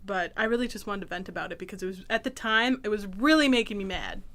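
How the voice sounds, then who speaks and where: A woman co-hosting a casual podcast, telling an exasperated story in an animated way. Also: mid-range voice, quick pace. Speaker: podcast co-host. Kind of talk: casual chat.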